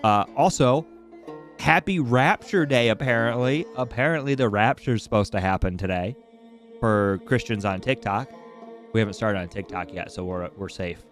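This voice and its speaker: A man chatting loosely while he streams a game, swearing freely and drifting from one tangent to the next. His voice sits on the low side and he is coming down with a cold. Faint music plays underneath. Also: moderate pace. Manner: irreverent, profane, rambling. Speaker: gaming livestreamer. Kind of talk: casual chat while playing.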